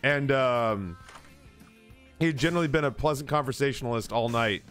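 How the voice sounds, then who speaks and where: A man's voice: mid-range voice, moderate pace, a bit bright, soft background music. A man streaming, telling a drinking story in a rambling, profane, casual way that keeps interrupting itself.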